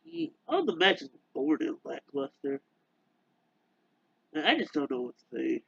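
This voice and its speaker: A man ranting casually to camera in a halting, rambling way full of fillers and restarts. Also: fairly high pitch, wildly swooping pitch, gravelly, a bit bright, breathy edge, no room sound, highs cut off. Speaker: YouTuber.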